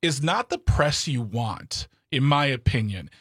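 A man's voice: mid-range voice, lively intonation, unhurried, fairly bright tone, husky, dry recording, studio quality. A man from Wisconsin co-hosting a political talk show, opinionated and sarcastic, with exasperated outbursts.

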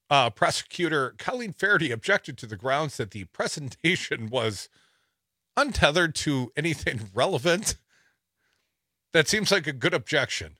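Man, talk radio host, sarcastic news commentary, crisp bright tone, higher voice. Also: no room sound, clean studio sound. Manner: wry, laughs while reading. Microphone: studio microphone.

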